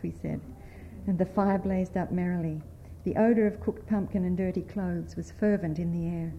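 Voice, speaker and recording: A woman writer from the United States, reading a story aloud at a panel in a measured, expressive way. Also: fairly low pitch, lo-fi sound, slight background noise.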